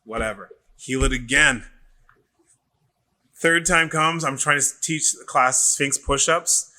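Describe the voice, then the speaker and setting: A middle-aged male trainer chatting casually on a podcast. His voice is bright, forceful and tense, and his middle-of-the-road pitch jumps whenever he acts out the people in his stories. He swears often and talks in loose, rambling runs. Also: a little slow. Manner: animated storyteller who acts out quoted voices and swears freely. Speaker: personal trainer.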